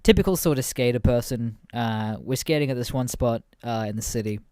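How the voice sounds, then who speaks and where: A man's voice: mid-range voice, brisk, darkish tone, clear, resonant tone. A man in his twenties hosts a podcast and tells stories in a loose, rambling chat. He swears freely, laughs a lot and leans on fillers. The sound is dry and close, with no room echo. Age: 20s. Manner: profane, laughs often, rambling with many fillers. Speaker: podcast host. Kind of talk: casual podcast storytelling.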